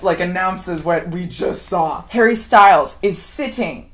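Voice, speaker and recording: A woman's voice: fairly low pitch, measured pace. A woman giving an unscripted, rambling movie recap, often laughing as she acts out scenes. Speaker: film commentator.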